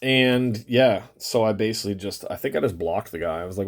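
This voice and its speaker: A card-opening channel host, male, talks casually over trading-card packs in a lowish voice, fairly quick and with hardly any pauses. He rambles, curses once in a while, and lets his phrase endings drag out.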